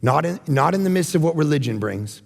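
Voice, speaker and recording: A man preaching a sermon as pastor, animated, moving from shouts down to hushed, near-whispered lines. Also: a little high, fairly quick, vocal fry, in a large hall. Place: church hall.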